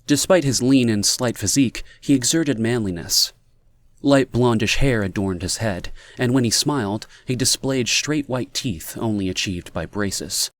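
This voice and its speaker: A man reading fiction aloud as an audiobook narrator in a measured, even manner. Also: mid-range voice. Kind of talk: scripted narration.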